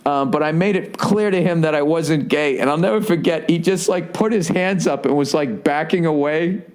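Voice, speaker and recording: A comedian hosting his podcast tells rambling stories in a casual monologue, swearing constantly and often checking in with "right?" along the way. His voice is on the high side with a darkish tone, and he talks at a moderate pace.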